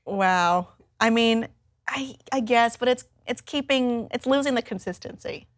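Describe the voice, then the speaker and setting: A woman co-hosting a casual pop-culture discussion, animated and opinionated, laughing often. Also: a little high, a little slow, no room sound. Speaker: co-host.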